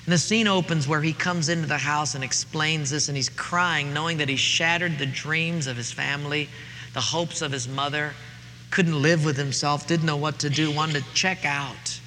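A man's voice: on the high side, fairly even intonation, normal speed, pushed and bright, slight background noise. A middle-aged man preaching a sermon, telling a story in a folksy, earnest way, recorded in a reverberant church hall with faint ambience.

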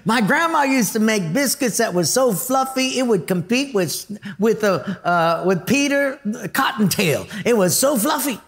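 A man's voice: high-pitched, expressive, a little slow, fairly bright tone, full character voice. A man voicing a folksy male ranch cook with a drawling country twang. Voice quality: drawling country accent put on.

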